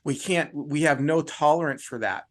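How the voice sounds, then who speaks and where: A man's voice: on the high side, moderate pace. Middle-aged male host, thoughtful. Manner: thoughtful, lays out ideas at length. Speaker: podcast host. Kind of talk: casual chat.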